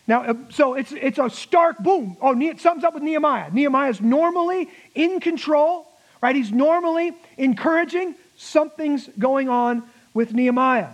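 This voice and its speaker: A pastor preaching a sermon, emphatic, with laughing asides and slowed-down key words. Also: male voice, extremely high pitch, rough recording.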